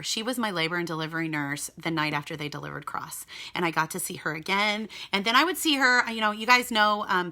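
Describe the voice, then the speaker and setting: A young woman recounts a personal testimony in a casual, earnest spoken style. She talks straight to her audience, and her voice is bright and clear. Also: mid-range voice. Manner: earnest, emotional, addresses viewers as "you guys". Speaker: mother sharing a personal testimony.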